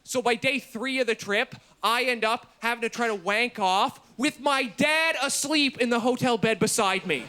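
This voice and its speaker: A man in his thirties delivers a dark stand-up comedy set in a strikingly high voice. He stays deadpan, mutters his asides and shouts out his punchlines. The stage mic picks up clear background noise around him. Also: normal speed, hardly any pauses. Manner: drops to a low mutter for asides. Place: comedy stage before a live audience.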